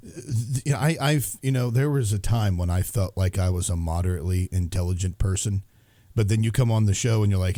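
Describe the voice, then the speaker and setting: A man's voice: low voice, fairly quick, warm tone, no echo. A man co-hosting a podcast, chatting casually in a rambling, self-mocking way. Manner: rambling, self-mocking, puts on silly voices. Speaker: podcast co-host. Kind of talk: casual chat.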